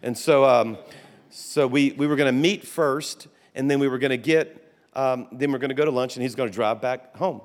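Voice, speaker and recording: A man's voice: mid-range voice, normal speed. A man pastor, telling folksy stories in a sermon full of restarts and asides. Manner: folksy storytelling with restarts and laughter. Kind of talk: conference sermon. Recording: long hall reverb.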